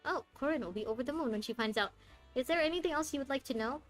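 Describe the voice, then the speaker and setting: A woman voicing a courteous, formal male butler, speaking in a polite, measured way. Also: sits high, soft background music, voice pushed up, lightly acted, poor audio.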